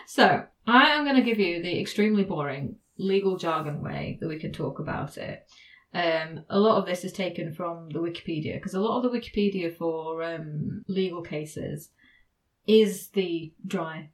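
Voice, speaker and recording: A woman's voice: lowish voice, moderate pace. Chatty woman explaining law. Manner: chatty, laughs often, explains legal cases. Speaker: podcast host. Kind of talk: casual podcast chat.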